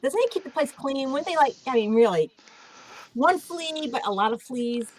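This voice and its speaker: A woman hosts a casual livestream over a video call. Her voice sits high and swoops all over as she teases her guests. She talks in an animated, playful way. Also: normal speed, heavy background noise. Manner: animated, teasing. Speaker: livestream host. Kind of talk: casual chat.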